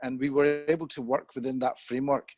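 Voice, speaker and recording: A man's voice: medium pitch, level tone, a little fast, darkish tone, no room sound. Earnest middle-aged man thinking aloud. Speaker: discussion guest. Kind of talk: conversational discussion. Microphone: video call.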